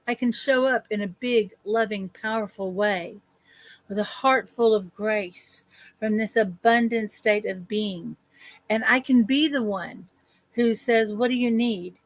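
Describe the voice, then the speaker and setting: A woman life coach leading a guided affirmation session on a group call, speaking slow, drawn-out affirmations with repeated phrases. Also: medium pitch, no echo.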